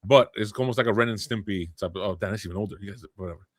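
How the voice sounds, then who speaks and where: Animated man telling a story on a podcast. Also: lowish voice, racing, dry recording, studio quality. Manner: animated storyteller, frequent restarts. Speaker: podcast co-host. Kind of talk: casual chat.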